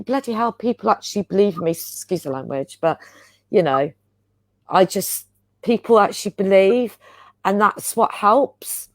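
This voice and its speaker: Brief: woman, earnest rambling guest on a spiritual chat, mid pitch, dry sound. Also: expressive, moderate pace, no echo. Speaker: guest healer.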